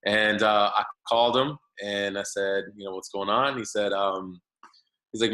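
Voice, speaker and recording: A man's voice: on the low side, steady tone, moderate pace, bright, forceful tone, poor audio. A man in his thirties, a podcast guest, telling his story in a loose, rambling way with many fillers and restarts. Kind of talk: casual storytelling interview.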